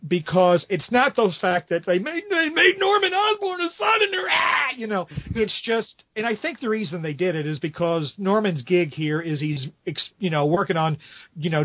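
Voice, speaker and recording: A man's voice: fairly high pitch, no echo, highs cut off. A man casually talking through his opinions on a stage show, rambling with frequent restarts and asides. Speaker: podcast host reviewing a musical. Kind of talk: casual chat.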